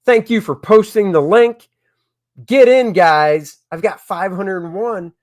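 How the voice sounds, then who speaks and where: Man, livestream host, slow easygoing delivery, slightly high voice, chatty, excitable, talks straight to viewers. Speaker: comic creator hosting a crowdfunding stream. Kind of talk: casual livestream chat.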